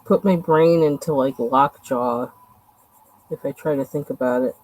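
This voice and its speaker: A woman's voice: very deep voice, unhurried, darkish tone, rough recording. A woman chatting casually and rambling with lots of fillers while she colors on a livestream. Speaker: livestream host.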